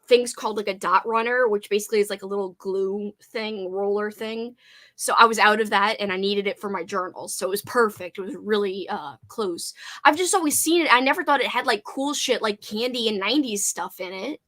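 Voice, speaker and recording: A young woman hosting a casual livestream chat, giggly and animated, swearing now and then. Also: medium pitch, fairly quick. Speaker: channel host.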